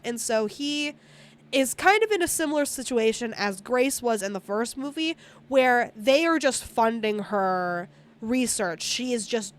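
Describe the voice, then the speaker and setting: A woman streamer casually recapping a movie, rambling, swearing often and acting out the characters' lines. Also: a little high. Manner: rambling, frequent swearing, acts out character quotes.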